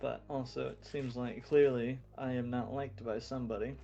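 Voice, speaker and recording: A man speaking in character in a roleplay game, calm and coldly determined. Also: mid-range voice, normal speed, creaky, highs cut off, soft background music. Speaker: roleplay player.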